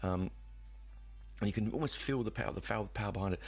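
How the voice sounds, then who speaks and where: A man with a fairly low, gravelly voice hosts a music podcast on his own. He talks through an album in a loose, unscripted way, full of "um"s and restarts, and he swears casually now and then. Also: fast, pauses often. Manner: rambling and hesitant, many fillers, casual swearing. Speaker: podcast host. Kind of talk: casual music review monologue.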